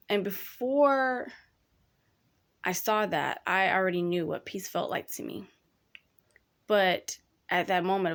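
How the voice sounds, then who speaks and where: A young woman hosting a casual advice talk, speaking candidly and chattily, addressing listeners as y'all. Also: mid-range voice. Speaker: podcast host.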